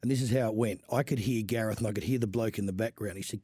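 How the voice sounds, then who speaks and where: A man with an Australian accent, co-hosting a racing radio show and telling stories in a rambling, animated way. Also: lowish voice, quick pace, dry recording, studio quality. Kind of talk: casual radio banter.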